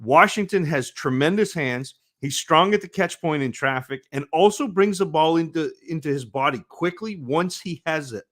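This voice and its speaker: A man co-hosting a podcast, reading prepared scouting notes in a measured way. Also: fairly high pitch, animated, a bit bright. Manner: measured, scripted evaluation. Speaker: podcast co-host, draft analyst.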